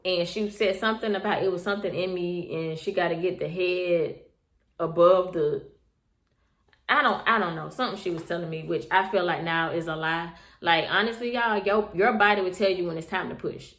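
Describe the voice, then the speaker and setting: A woman's voice: lowish voice, moderate pace, fairly bright tone. A young woman casually telling viewers her birth story, chatty and repetitive, often calling them y'all. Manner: chatty, repeats herself, addresses viewers as y'all. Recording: echoey room.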